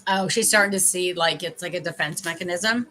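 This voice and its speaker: A bright, forward-sounding middle-aged woman chats casually on a livestream, tasting candies and giving viewers advice. A faint hiss sits behind her voice. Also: lowish voice, brisk, rough recording. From Canada. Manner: chatty, tasting candy while advising viewers. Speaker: life coach livestreaming.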